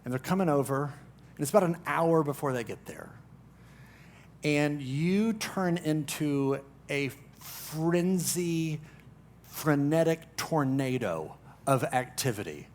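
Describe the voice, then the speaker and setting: A man with a Southern US accent, preaching a conversational sermon as pastor, animated and telling stories with lively emphasis. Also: on the high side, takes it slowly, slight background noise. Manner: animated storyteller, acts out quoted voices with rising emphasis.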